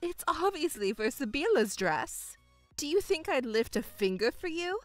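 A woman's voice: sits high, big pitch swings, moderate pace, no room sound, soft background music. A woman voicing a gloating, spiteful mother. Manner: mocking, condescending, gloating. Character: scheming middle-aged mother, doting, spiteful to elder daughter. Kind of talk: voiced story narration.

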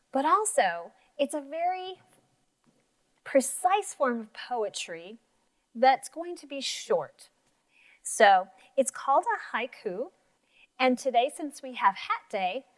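A woman's voice: high-pitched, dry recording. A woman teacher giving a writing lesson to young children, upbeat and encouraging.

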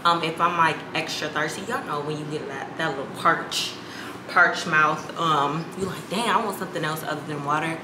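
A woman's voice: low voice, normal speed, background noise. A young woman, chatting casually to camera about her home, full of ums and calling her viewers y'all. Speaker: lifestyle vlogger. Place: home kitchen and bathroom, indoors. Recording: roomy room with household clatter.

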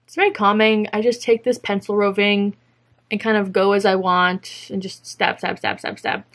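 A woman's voice: mid-range voice, fairly even intonation, normal speed, a bit bright. Chatty young woman showing her crafts. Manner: chatty, rambling, self-mocking with playful silly voices. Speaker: fiber craft podcaster. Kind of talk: casual chat to camera.

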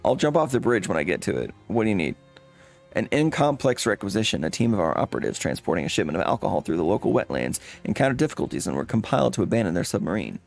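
A man voicing a pompous male gangster tech in a comedy game, who rushes through long words and trips over them. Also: on the low side, very animated, creaky, a little mellow, soft background music, heavily acted.

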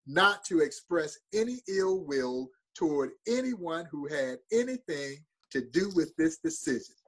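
A man's voice: on the high side, big pitch swings, a little slow, slightly rough. A middle-aged man, a museum president, telling an emotional story in an interview with earnest intensity. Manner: earnest, building to emotional peaks.

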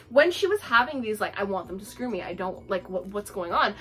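A woman's voice: mid-range voice, expressive, brisk, few pauses, a bit bright, breathy edge, soft background music. A young woman giving a casual, profane book review, full of fillers and laughter.

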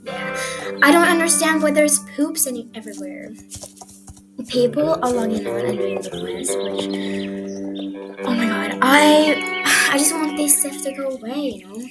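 A woman giving excitable, casual commentary while she plays a horse game, often exclaiming. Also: high-pitched, unhurried. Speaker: gaming vlogger. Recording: loud game music behind voice. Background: game music.

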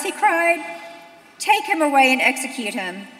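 A woman with a high, bright voice reads a scripture story to a congregation, narrating and quoting the characters. She sounds set back from the mic, in a large echoey sanctuary with a long reverb tail. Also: big pitch swings, a little slow, soft background music. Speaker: Megillah reader. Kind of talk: dramatic scripture reading to a congregation. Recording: echoey hall, voice distant from mic.

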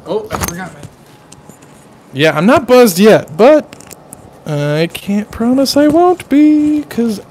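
A man's voice: sits high, very animated, takes it slowly, pauses often, a little mellow, a little hiss or hum. A man hosting a casual live stream, gushing over what he tastes and chatting loosely with viewers. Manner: effusive, exclaims over tastes and smells; rambling, chatty asides to viewers. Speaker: livestream host.

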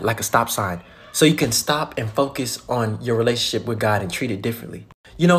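A young man giving an impassioned, casual faith message, swinging between loud excited bursts and hushed storytelling. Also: medium pitch.

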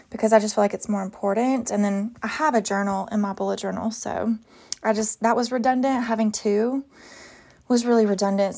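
A young woman talks casually in a plan-with-me vlog, her voice carrying a gravelly, fry-laden texture. She rambles along in a loose, easygoing way, full of fillers and restarts, at an ordinary middle pitch. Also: a little mellow. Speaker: planner vlogger.

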